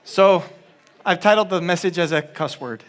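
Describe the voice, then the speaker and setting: High-voiced pastor preaching casually. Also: male voice, normal speed, a bit bright, some chatter behind. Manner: casual, joking, with many restarts. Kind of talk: sermon.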